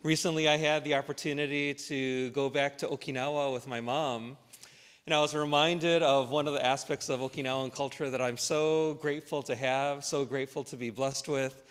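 A man leading a church service as pastor, welcoming the congregation, reading scripture in a slow, measured way, and praying. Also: mid-range voice, fairly even intonation, smooth. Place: church sanctuary. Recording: long hall reverb.

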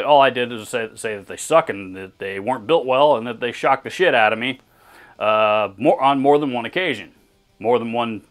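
Mid-pitched male host, casual on-camera rant, blunt and profane, laughs easily, restarts sentences. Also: a bit bright. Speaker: channel host reading viewer comments. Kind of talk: casual rambling commentary. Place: indoor room with gear on the wall behind him.

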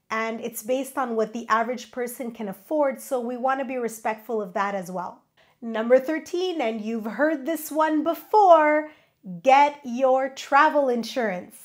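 A middle-aged woman presenting travel safety tips in a friendly, advising way, counting through a numbered list. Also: sits high. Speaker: travel vlogger. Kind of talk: scripted travel tips to camera.

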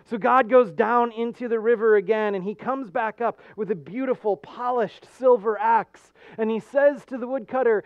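A male American pastor preaching a sermon with earnest storytelling and animated jokes. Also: high-pitched, moderate pace, hardly any pauses, no echo, highs cut off.

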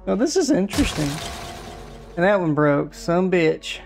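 A man streaming a game live, muttering casual commentary and quick offhand reactions. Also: high voice, sing-song, gravelly, soft background music.

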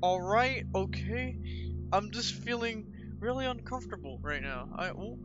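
A man commenting on a horror game as he plays, easily frightened, repeating himself over and over and yelling and swearing in alarm. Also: high-pitched, expressive, a little slow. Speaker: gaming channel host. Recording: dull lo-fi with game music. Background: game soundtrack music.

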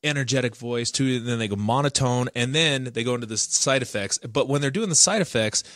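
A man co-hosting a podcast in casual discussion, animated and acting out quoted voices. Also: mid-range voice, brisk, no echo, studio quality.

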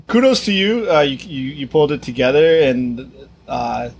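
Relaxed rambling man co-hosting a podcast. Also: mid-range voice, normal speed, vocal fry, slight background noise. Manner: relaxed, rambling, many fillers. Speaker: podcast co-host. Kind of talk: casual podcast chat.

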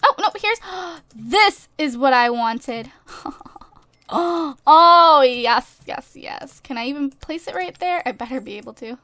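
Lively in intonation yet measured in pace, this high, slightly bright voice belongs to a gaming YouTuber playing a life-simulation game. She gushes to viewers, chats bubbly and laughs often in casual let's-play commentary, recorded dry on a desk USB microphone.

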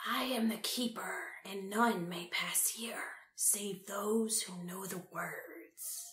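Whispered role-play, creepy serpent spirit chanting low and slow, as a lady narrator puts it on, echoey room. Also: very animated, fairly bright tone. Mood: menacing. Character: menacing chanting spirit serpent, huge and monstrous.

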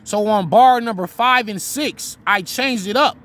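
A man's voice: high voice, a little slow, a bit bright. A man giving a casual, talkative lesson on writing rap rhymes, now and then reciting his own bars. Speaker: battle rap teacher.

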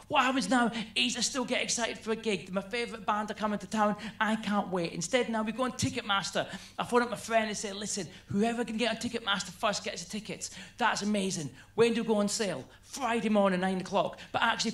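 A man's voice: high-pitched, roomy sound. A man doing a stand-up routine, telling stories animatedly and acting out his friends. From Scotland. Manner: animated storytelling, acts out friends' voices. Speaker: stand-up comedian.

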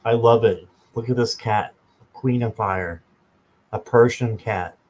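A man hosting a live stream, chatting slowly and casually with viewers by name and joking as he goes. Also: on the low side, a little mellow, breathy edge, rough recording. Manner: slow, chatty, talks to viewers by name, jokes. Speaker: tarot reader and channel host.

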